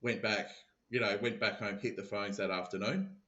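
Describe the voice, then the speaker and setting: A man's voice: fairly low pitch, steady tone, normal speed, pushed and bright. A man, a podcast guest and sales business founder, telling stories in casual conversation and repeating words as he restarts. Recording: dull, roomy remote recording.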